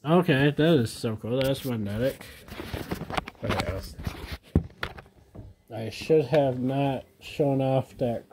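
A thirty-something man chats casually to his home viewers as he unboxes trading card packs, excitedly raving about every card. His medium-pitched voice moves at a slow pace with frequent pauses, against heavy background noise.

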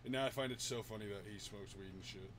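A man's voice: fairly low pitch, fast talker, background noise. A man chatting casually while streaming a game, laid-back, swearing often and laughing a lot. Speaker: gaming streamer. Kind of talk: casual chat while gaming.

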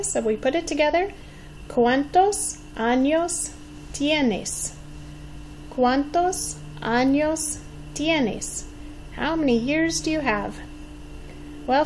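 A woman in her forties, a teacher giving a patient Spanish lesson for young children, modeling words slowly and encouraging them to repeat. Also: high-pitched, darkish tone, slight background noise, rough recording. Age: 40s. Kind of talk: slow, clearly enunciated language lesson.

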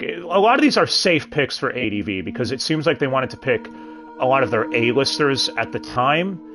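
A man hosting a casual review show, talking in a chatty way with joking asides. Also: mid-range voice. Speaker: host. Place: home streaming setup. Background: background music.

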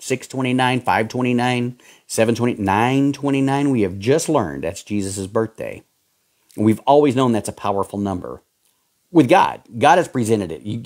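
A man's voice: lowish voice, a little mellow. A man with a Southern accent preaching a fiery sermon, fervent and emphatic, hammering points through repetition. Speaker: pastor.

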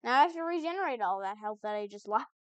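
Woman, high voice, chatty gamer commentary, bemused back-talk, dead-dry sound. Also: expressive, fast, no echo, lo-fi sound. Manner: chatty, puzzled, talks back to the game. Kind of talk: let's-play commentary.

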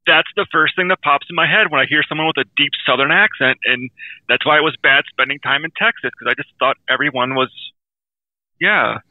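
A man's voice: a little high, brisk, dry recording, phone-quality sound. A man co-hosting a podcast in casual chat, talking candidly and rambling with self-aware asides. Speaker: podcast co-host.

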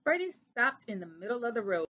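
A woman reading a storybook aloud to children, expressive, with small slips. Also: fairly high pitch, fairly quick. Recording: dull lo-fi recording.

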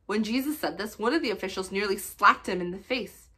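A woman's voice: medium pitch, a little fast, breathy edge. Woman reading scripture aloud steadily. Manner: steady, plain read-aloud narration. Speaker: Bible reader for children.

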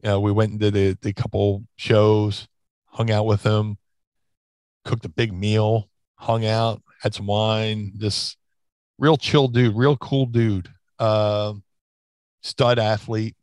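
A man's voice: lowish voice, flat delivery, slow, darkish tone, no room sound. A man in a casual interview, telling stories in a rambling way with many restarts and fillers. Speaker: interview guest, former wrestler. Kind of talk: casual storytelling.

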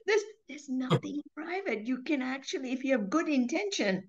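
An animated woman in conversation, her slightly high voice swooping and lively as she laughs and acts out her thoughts. The recording sounds dull and lo-fi. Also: moderate pace. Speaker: author and show host. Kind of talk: conversational interview.

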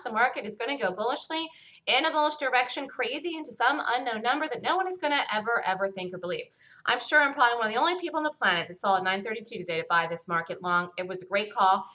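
A woman's voice: on the high side, sharp tone. A woman hosting a stock market review show, talking through the day's trading on her own in an emphatic, self-assured way that circles back to the same points. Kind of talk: solo market review commentary.

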